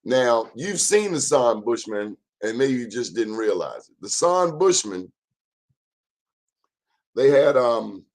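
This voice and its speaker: A man's voice: medium pitch, big pitch swings, slow, a little mellow. A man in his fifties hosting an informal history talk, emphatic and repetitive, urging listeners to check the facts themselves. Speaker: host.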